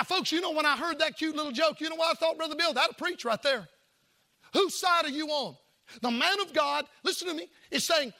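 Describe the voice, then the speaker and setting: Pastor, high bright voice, gravelly edge, folksy and emphatic from the pulpit. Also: male voice. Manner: folksy, emphatic Southern-style preaching with jokes and asides. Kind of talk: sermon.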